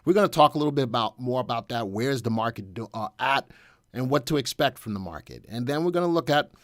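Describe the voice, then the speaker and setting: A man's voice: mid-range voice, lively intonation, fast talker, fairly bright tone, no room sound. Man, middle-aged, live-stream market host, upbeat, jokey, dry close sound. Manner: upbeat, joking, greets viewers by name.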